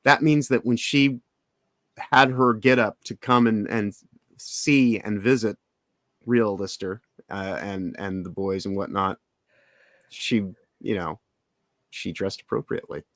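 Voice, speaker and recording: A man co-hosting a livestream, chatting casually in halting sentences with restarts. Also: on the low side, no echo. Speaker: podcast co-host. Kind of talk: casual chat.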